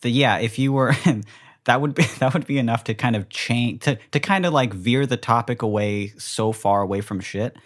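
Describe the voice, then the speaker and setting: A man's voice: medium pitch, normal speed. A man co-hosting a podcast, talking in a rambling, giggly way with frequent swearing. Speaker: podcast co-host. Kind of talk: casual comedic chat.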